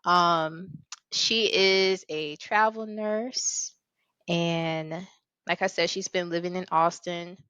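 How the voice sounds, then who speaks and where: A woman hosting a podcast in casual chat, playful and bubbly, with sudden high-pitched emphasis. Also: steady tone, slow, pushed and bright, clean tone, no echo. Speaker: podcast host.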